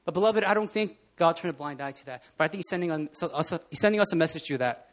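A man preaching a casual, animated sermon in a church, often laughing and acting out scenes. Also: a little high, fast. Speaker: pastor. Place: church hall.

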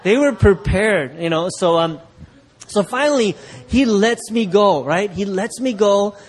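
A middle-aged male pastor tells a story from the pulpit with a slightly higher-than-usual voice. He acts out the people he quotes and laughs along with his listeners. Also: a little slow, husky. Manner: animated, laughing while acting out quoted voices. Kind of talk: sermon storytelling.

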